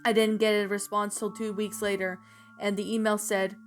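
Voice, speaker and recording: A woman reading a creepy story aloud in a plain, slightly halting way. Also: medium pitch, flat delivery, soft background music.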